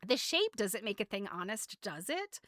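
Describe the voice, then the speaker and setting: A woman's voice: mid-range voice, very animated, fairly bright tone, no echo. A woman reading as a gleeful patchwork doll girl. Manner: bubbly and quick-witted.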